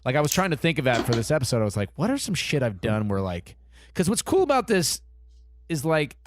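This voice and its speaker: A man hosts a podcast in relaxed chat. His pitch swings widely as he talks and swears. The sound is dry and close, with no room echo. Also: fast talker. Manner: lively, swearing, laughs often. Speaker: podcast host.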